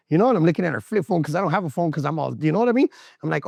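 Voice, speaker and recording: A man with a fairly high, gravelly voice tells his story in a candid, slangy way. He swears often and acts out the voices of the people in it. The sound is dry and close, with no room echo. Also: lively intonation, rapid-fire. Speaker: interviewee telling his recovery story. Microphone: camera interview setup.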